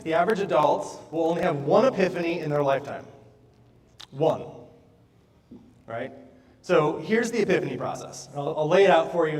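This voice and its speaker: A man's voice: a little high, far from the mic. A man giving a motivational stage talk, telling stories with lots of checks like "right?". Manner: animated storyteller, frequent "right?". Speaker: motivational speaker. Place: large hall on stage. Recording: echoey hall, from afar.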